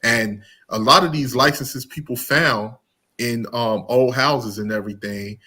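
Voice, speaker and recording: A man's voice: mid-range voice, a little slow, pushed and bright, slightly rough. A man hosting a casual commentary talk, blunt and emphatic, often restarting his sentences. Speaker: host of commentary channel.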